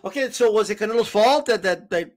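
A man's voice: sits high, fast. A man hosting a reaction commentary who argues his point hard and keeps asking "right?". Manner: argumentative, keeps repeating "right?". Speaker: channel host reacting to a clip.

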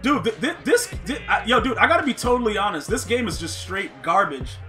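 A man giving casual, slangy live commentary on a football video game, excitable, laughing often and talking to his chat. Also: high-pitched, fairly quick, faint music behind. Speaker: gaming streamer.

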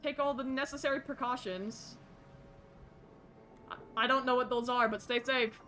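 A woman's voice: high voice, fairly even intonation, normal speed, fairly bright tone, slight background noise. A young woman streaming a horror game live, jittery and self-deprecating, chatting with her viewers. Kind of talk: casual live gameplay commentary.

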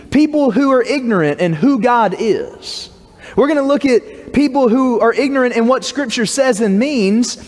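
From the pulpit of a church sanctuary, a pastor tells a joke and gives announcements in a folksy, casual style full of filler words. His voice is high and a little mellow, echoing in a large hall.

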